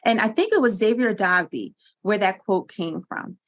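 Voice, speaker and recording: Pennsylvania woman on a podcast, animated storyteller, laughs a lot, studio mic. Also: medium pitch, moderate pace. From Pennsylvania, USA. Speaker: podcast guest, entrepreneur. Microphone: studio microphone.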